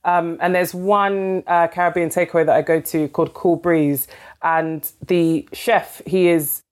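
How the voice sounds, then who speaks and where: A woman from London talks casually as an interview guest, her voice sitting on the low side. She strings her stories together with lots of "like" and leaps up in pitch when she acts out what someone said. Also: a little slow. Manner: chatty, fills with "like", acts out quoted dialogue with lively pitch jumps. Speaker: novelist guest.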